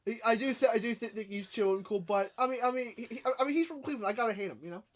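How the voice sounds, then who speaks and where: A man's voice: extremely high pitch, very fast. A man guesting on a casual podcast, who stammers and repeats words and laughs often.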